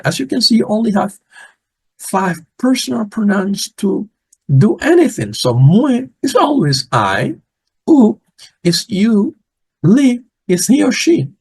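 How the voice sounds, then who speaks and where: Slow-paced man teaching a language lesson. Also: sits high, dry recording, poor audio. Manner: patient, repeats words slowly and clearly.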